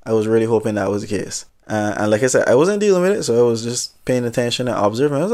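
A man telling a story in a casual, chatty way, full of asides and animated commentary. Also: medium pitch, fast talker, few pauses.

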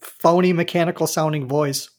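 A man's voice: on the high side, fairly even intonation, moderate pace, a little mellow. A man chatting casually as a podcast co-host, retelling a scene with amused, rambling restarts. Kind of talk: casual chat.

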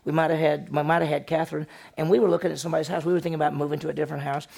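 A man's voice: a little high, flat delivery, racing, gravelly, a little mellow. A middle-aged male pastor preaching a sermon in a conversational way, often asking his listeners questions. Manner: conversational, asks the audience questions. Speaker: senior pastor.

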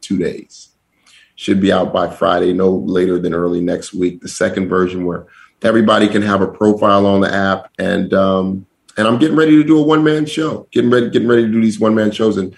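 A man from Denver, a guest comedian, telling a lively story in a chat before a live audience and acting out the voices in his quotes. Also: vocal fry. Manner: animated storyteller, acts out quotes with big pitch jumps.

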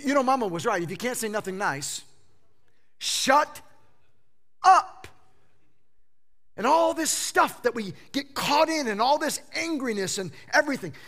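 A man in his fifties preaching a sermon, swinging between hushed low moments and loud emphatic outbursts, often stammering and repeating words as he pushes a point. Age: 50s. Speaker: pastor.

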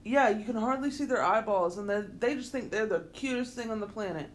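A woman co-hosting a casual podcast chat, delivering her stories in a dry, deadpan tone and breaking into laughter now and then. A faint hiss of noise sits under her voice. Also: on the high side, fairly quick. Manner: wry, deadpan storytelling with laughing asides. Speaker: podcast co-host.

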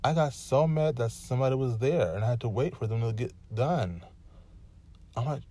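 A man's voice: mid-range voice, moderate pace, dark tone. A man hosting his own freestyle podcast, venting with exasperation in rambling run-on sentences that sometimes rush and sometimes stretch out. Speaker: podcast host. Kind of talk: solo freestyle podcast rant.

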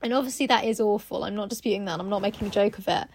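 A woman's voice: mid-range voice, rapid-fire. A woman co-hosting a casual chat, telling anecdotes and acting out quotes, often laughing. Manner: chatty storyteller, acts out quotes, laughs often. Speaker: podcast co-host.

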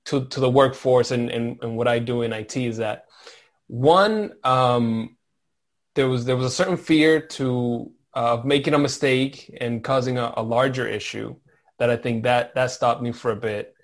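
A man working in IT, speaking as a guest in a thoughtful, halting way while reflecting on his work. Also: medium pitch. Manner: thoughtful, halting, searches for words. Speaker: IT professional, guest. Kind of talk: reflective conversation.

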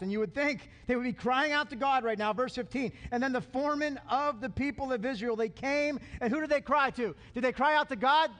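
A male pastor preaching a sermon, animated and calling on the congregation to answer. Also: high voice, fairly quick. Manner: animated, calls for congregation response. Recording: long hall reverb.

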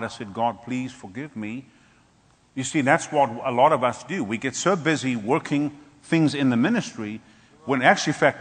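A man's voice: a little high, a bit bright. A man preaching a sermon as pastor, telling a story and calling out to the congregation with rising exclamations. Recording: long hall reverb.

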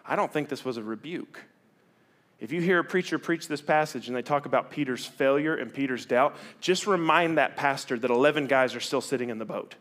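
A middle-aged man, preaching a sermon in a candid, conversational way that swings from loud to hushed. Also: mid-range voice, a little fast. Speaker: pastor.

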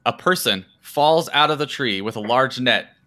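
A man's voice: mid-range voice, animated, moderate pace, a crowd in the background. A man narrating as game master, hesitant and full of filler words. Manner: hesitant, full of ums and likes.

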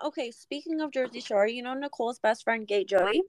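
A young woman co-hosting a podcast in casual chat, gushing and excitable, swearing a lot. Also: a little high, brisk. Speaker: podcast co-host.

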